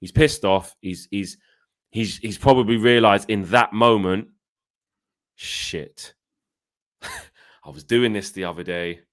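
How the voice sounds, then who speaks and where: A man in a casual fan chat who tells stories in an animated way and acts out his own shouting. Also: fairly low pitch, moderate pace. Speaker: co-host of a fan channel.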